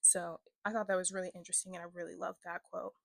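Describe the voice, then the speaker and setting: A woman's voice: lowish voice, little pitch movement, quick pace, gravelly, dry recording, clean studio sound. A young woman giving a casual book review as a vlogger, chatty and filler-heavy, often breaking into laughs.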